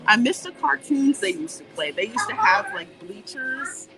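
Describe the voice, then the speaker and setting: Animated woman livestreaming from a theme park. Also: fairly high pitch, normal speed. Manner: chatty and animated, warm greetings, laughs often. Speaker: livestream host. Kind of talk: casual livestream chat, reading viewer comments. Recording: noisy outdoor livestream audio. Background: park ambience and music.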